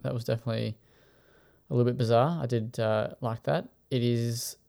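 A man's voice: medium pitch, steady tone, brisk, gravelly, dark tone. A man hosting a casual chat, running through news items with plenty of filler words. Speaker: podcast host.

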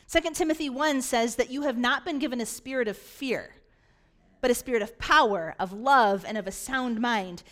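High-voiced woman pastor preaching. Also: moderate pace. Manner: animated preaching that acts out dialogue. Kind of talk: sermon.

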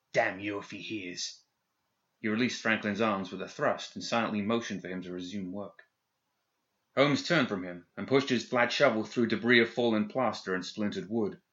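A man narrating an audiobook in a steady, measured reading. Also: on the low side. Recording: dull lo-fi recording.

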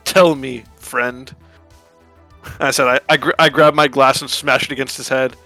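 A man co-hosting a podcast in casual chat, animated as he reads out chat exchanges. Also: mid-range voice, fast talker, dry recording, soft background music. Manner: animated, reads chat logs aloud with amusement.

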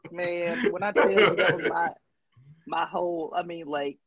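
A man in casual conversation, an animated storyteller who laughs often and acts out what others said. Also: sits high, moderate pace, a crowd in the background. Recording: dull dry lo-fi sound.

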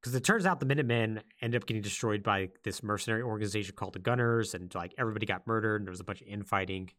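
A man co-hosting a podcast, retelling a game's story in a loose, animated way and acting out the lines of its characters. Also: on the low side, racing. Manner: animated storytelling, acts out quotes. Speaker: podcast co-host. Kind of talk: casual podcast chat.

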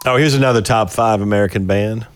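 A man's voice: lowish voice, fast, clear, resonant tone. A man co-hosting a casual podcast, confidently listing his picks. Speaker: podcast co-host. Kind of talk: casual chat.

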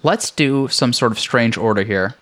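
A man's voice: medium pitch, normal speed, a bit bright. A young man hosting a casual game podcast, rambling with many fillers and frequent laughs. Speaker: podcast host. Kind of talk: casual chat.

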